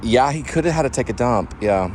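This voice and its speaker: A man's voice: medium pitch, animated, fairly quick, a little hiss or hum. A man hosting a vlog, chatting casually and musing aloud from a car, often trailing off mid-thought. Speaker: vlog host. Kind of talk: casual chat.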